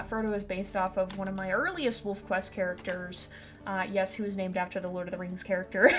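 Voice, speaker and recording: A woman streaming a wildlife game, chatting casually with viewers and reacting out loud to what happens. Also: medium pitch. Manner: chatty, reacts loudly and squeals when scared; soft and gentle when giving advice to viewers. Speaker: gaming streamer. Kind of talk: casual let's-play commentary.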